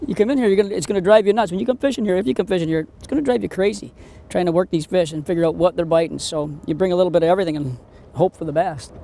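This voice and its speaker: A man hosts a fishing show from a boat outdoors, his voice pitched high with a gravelly edge. He exclaims at every catch and even chats to the fish as he reels them in. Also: very fast. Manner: excitable, exclamatory, talks to the fish. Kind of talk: on-the-water fishing commentary.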